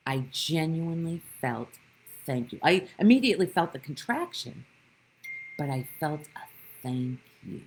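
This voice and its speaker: A woman with a low, husky voice gives a spiritual talk to an online audience. Her pitch swings widely as she tells stories with lively animation and stops to greet viewers by name. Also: poor audio. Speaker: spiritual teacher. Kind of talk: live-streamed spiritual talk.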